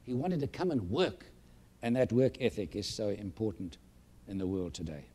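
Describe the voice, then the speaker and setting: A man's voice: lowish voice, normal speed, warm tone, husky. A man in his late seventies giving a boastful, emphatic and sentimental motivational speech to an audience in a large room. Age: 70s. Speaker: speaker addressing an audience.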